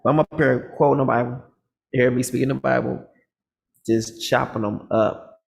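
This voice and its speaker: A man vlogging, telling a story casually in an animated, boastful and confrontational way, acting out the other people's lines. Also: medium pitch, moderate pace, gravelly.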